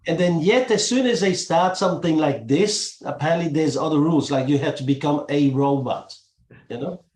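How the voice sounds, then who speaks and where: A man's voice: a little high, normal speed, darkish tone, reverberant. A man hosting a casual podcast chat, talking loosely with laughs and restarts. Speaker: podcast host.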